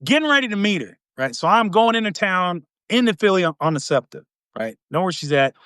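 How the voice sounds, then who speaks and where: A man hosting a podcast, telling a long dating story in a casual, animated way, acting out the quotes with big swings in pitch and volume. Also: brisk, clear, resonant tone, no room sound, clean studio sound. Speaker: podcast host.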